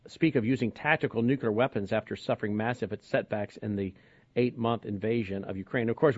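A man's voice: mid-range voice, a little mellow, no echo. Talk show host man, dry sound. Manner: conversational, explaining and asking guests questions. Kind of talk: broadcast talk show hosting. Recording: dry, slightly dull lo-fi sound.

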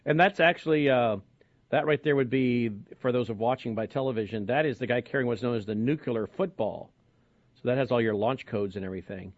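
A man's voice: mid-range voice, fairly quick, dry recording. A man hosting a broadcast talk show, explaining the news in a conversational way and asking his guests questions. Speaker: host. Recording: dry, slightly dull lo-fi sound.

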